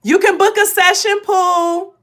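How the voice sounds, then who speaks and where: A woman chatting casually to viewers on a live stream, emotional and animated, full of slang. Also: very high-pitched, unhurried. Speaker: spiritual reader hosting a live stream.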